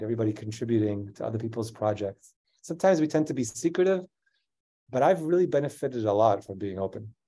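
A male scientist in a conversational interview, telling an animated story and laughing often. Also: medium pitch. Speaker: scientist guest.

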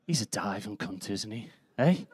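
A man's voice: fairly low pitch, lively intonation, normal speed, breathy edge. Brash, sweary Scouse comedian in his fifties. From Liverpool, England. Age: 50s. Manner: brash, sweary, punchy storytelling. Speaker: stand-up comedian. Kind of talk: live stand-up set. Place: comedy club stage.

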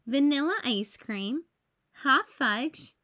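A woman's voice: high-pitched, animated, slow, sharp tone, heavily acted. A woman voicing a bossy, practical young girl who gives instructions in a matter-of-fact way.

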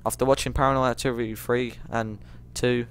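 A man giving rambling let's play commentary, jumpy and quick to shriek when startled. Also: mid-range voice, little pitch movement, a bit bright, a little hiss or hum.

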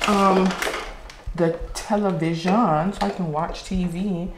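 A woman's voice: mid-range voice, fairly even intonation, slow pace, a little hiss or hum. A middle-aged woman vlogging at home in her kitchen, chatting casually to her viewers and addressing them directly. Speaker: family vlogger. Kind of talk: casual chat to camera.

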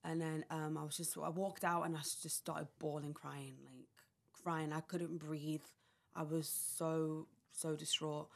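A woman's voice: low-pitched, level tone, a little slow, creaky. A young woman on a podcast, telling a personal story in a rambling way, full of "like" and acted-out quotes. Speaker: podcast guest.

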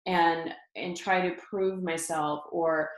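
Middle-aged woman, interview guest, fairly low voice, lively anecdotes full of fillers and laughs; roomy echo. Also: slow. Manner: animated, laughs often, many fillers and restarts. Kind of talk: personal storytelling in conversation.

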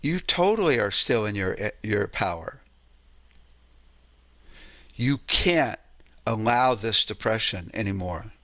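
Slow-talking man teaching sound healing. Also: on the low side, animated, a bit bright, dry recording. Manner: conversational, often asks "right?". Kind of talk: informal lecture with anecdotes.

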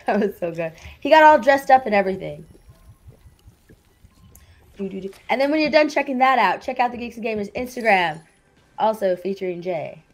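A woman's voice: mid-range voice, animated, fairly quick, pauses often, faint music behind. A young adult woman co-hosting a gaming stream, upbeat, laughing often and reading chat aloud.

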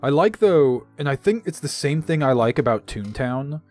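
Chatty man yelling at a game. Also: mid-range voice, lively intonation, moderate pace, faint music behind. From American South. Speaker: co-host playing a video game. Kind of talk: casual gaming commentary.

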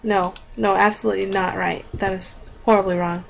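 A young woman rambles and jokes her way through a game at home, her voice sitting at an ordinary middle pitch. She giggles often and hops from thought to thought. The recording carries a clear layer of background noise. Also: level tone, fairly quick, low-quality recording. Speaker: gaming video host. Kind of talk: casual gameplay commentary. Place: home room.

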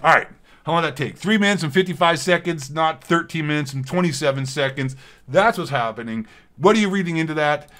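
A man's voice: fairly high pitch, brisk, a bit bright. A man ranting in a video commentary on a multiplayer shooter. He is profane, sarcastic and heated, and he repeats himself for effect. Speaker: gaming commentator.

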